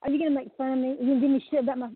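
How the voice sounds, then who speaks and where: A woman caller with a Southern US accent, quick and teasing. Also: high voice, little pitch movement, no room sound. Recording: phone line, husky.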